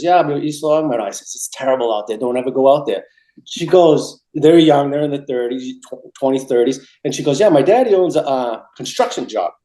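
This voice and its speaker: A man's voice: mid-range voice, dark tone, reverberant, rough recording. A middle-aged man from Massachusetts telling stories in an interview, rambling and repeating himself with many restarts. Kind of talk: casual storytelling interview.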